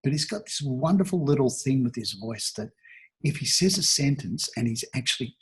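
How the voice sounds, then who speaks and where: Man, 60s, from Australia, airy and breathy voice, reflective interview guest. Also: mid-range voice, animated, normal speed. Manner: thoughtful, rambling, many restarts and fillers. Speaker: talent agency founder, guest.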